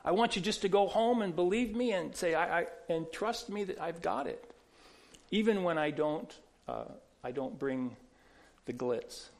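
A man's voice: on the high side, normal speed. Storytelling man preaching a sermon. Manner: conversational storytelling with many restarts. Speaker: pastor.

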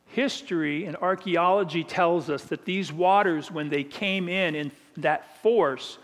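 A man's voice: on the high side, unhurried, long reverb tail. A man preaching a sermon in a conversational way, with humorous asides.

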